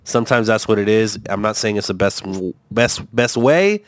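A man's voice: lowish voice, lively intonation, moderate pace, no echo, clean studio sound. A man rambling through a casual podcast chat, swearing often and restarting his sentences with lots of fillers. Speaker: co-host reacting to a video.

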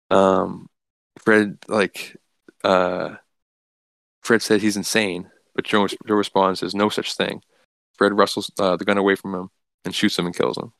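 Low gravelly man rambling through a recap. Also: little pitch movement, a little slow, pauses often, fairly bright tone, no echo. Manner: rambling, full of "like" and restarts. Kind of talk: casual comic book recap.

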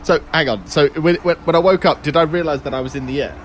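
A man's voice: fairly high pitch, fast, slight background noise. A man playing a tabletop game, joking around in a playful way. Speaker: player. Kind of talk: casual game chat.

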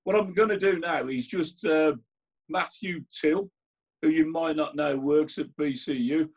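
Birmingham man as host, husky voice, chatty and halting, dull sound. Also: fairly high pitch. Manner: conversational, hesitant, restarts phrases. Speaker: host and chair. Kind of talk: hosting a conversation.

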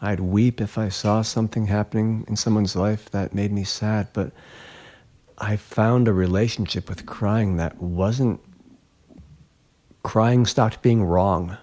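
A man's voice: lowish voice, fairly even intonation, takes it slowly, dark tone. A man, a glassblower and interview guest, telling a personal story in an earnest, reflective way that livens up when he retells events.

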